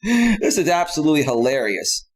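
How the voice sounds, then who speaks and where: A man hosting a live stream, laughing a lot as he reads chat and loudly thanks donors. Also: on the high side, sing-song. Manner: slow, drawn-out delivery with loud outbursts.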